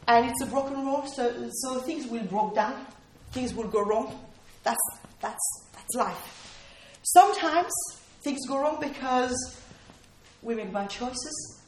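A woman's voice: high voice, expressive, slow, a little hiss or hum. Woman preaching earnestly in an echoey hall. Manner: earnest, emphatic, repeats key phrases. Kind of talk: sermon. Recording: roomy hall echo.

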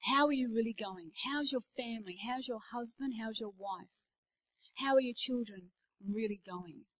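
Woman in her forties preaching, higher voice. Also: moderate pace, rough recording. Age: 40s. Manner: personal storytelling, swings between hushed asides and emphatic declarations. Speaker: pastor speaking at a leadership day. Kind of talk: conversational sermon.

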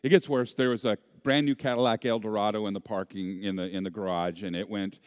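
A man preaching a sermon, an animated storyteller with self-deprecating humor. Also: fairly low pitch, a little fast, no echo, clean studio sound. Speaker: pastor.

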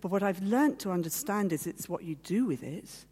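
A woman's voice: mid-range voice, expressive, moderate pace, dark tone, breathy edge. A woman giving a heartfelt personal testimony as a guest speaker, telling her story and acting out the voices of others. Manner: heartfelt, at times teary. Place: meeting hall.

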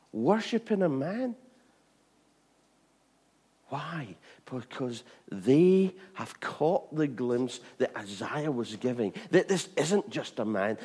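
A man preaching an informal sermon, chatty with repeated asides, swinging from bright emphasis to hushed tones. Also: medium pitch, breathy edge. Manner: chatty, with frequent "you know what I mean" and restarts.

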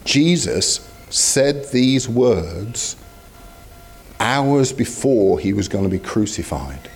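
A man's voice: lowish voice, very animated, takes it slowly, husky. A man preaching a sermon in a conversational, storytelling way with asides to the congregation.

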